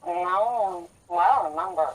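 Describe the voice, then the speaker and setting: A woman's voice: lowish voice, unhurried, a loud crowd. A woman on a phone call with a friend, giving short murmured replies. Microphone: phone speaker.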